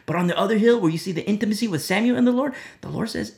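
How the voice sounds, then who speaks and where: Male preacher, impassioned sermon delivery, gravelly edge, wide swings in pitch, repeats for emphasis. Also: expressive, fast talker, hardly any pauses. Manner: impassioned, repetitive, swings between loud and hushed.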